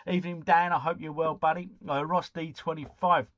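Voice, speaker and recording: A man's voice: a little high, steady tone, a little fast, a bit bright, no echo, muffled recording. A man hosting a casual live stream at home, chatting and greeting viewers by name. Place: at home, drinking cider.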